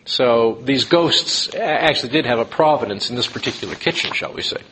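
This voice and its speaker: Animated male lecturer telling a story. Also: mid-range voice, a little fast, a little hiss or hum, low-quality recording. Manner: animated, with restarts and asides.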